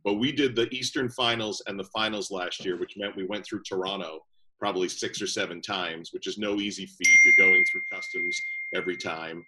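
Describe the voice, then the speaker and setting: A man with a fairly low voice tells stories in a relaxed interview. He works as a radio play-by-play announcer and tells his anecdotes with lively energy, acting out the people he quotes. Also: fairly quick, heavy background noise. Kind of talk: casual interview storytelling.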